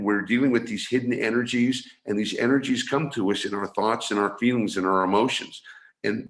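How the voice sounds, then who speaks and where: A man's voice: on the low side, a bit bright. A man from San Francisco, a guest on a video call, earnestly explaining his training and often restarting his phrases. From San Francisco, USA. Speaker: guest, energy awareness trainer. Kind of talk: explanatory interview talk. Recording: roomy video call audio.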